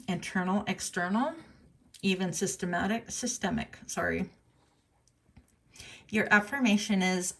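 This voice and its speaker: A woman giving a casual tarot reading, chatty and musing aloud with fillers and self-corrections, now and then jumping into a high voice to quote people. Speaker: tarot reader.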